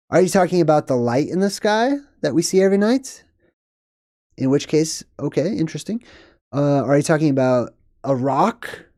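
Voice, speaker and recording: A man's voice: a little high, mellow, no room sound, studio quality. A young man hosting a live stream, chatting casually and rambling as he reads out viewer comments. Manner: rambling, chatty, laughs at himself.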